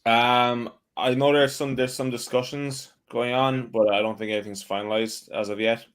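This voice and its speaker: A man's voice: medium pitch, flat delivery, normal speed, fairly bright tone, clear, resonant tone. A man, a distillery guest talking about his whiskey in an easygoing, hesitant way. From Ireland. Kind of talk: casual tasting chat.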